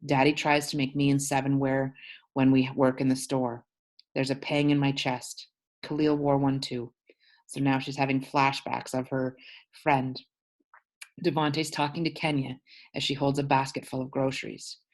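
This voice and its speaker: Woman teacher, very deep voice, reads a novel aloud and explains words as she goes. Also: level tone, normal speed. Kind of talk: reading a novel aloud to a class.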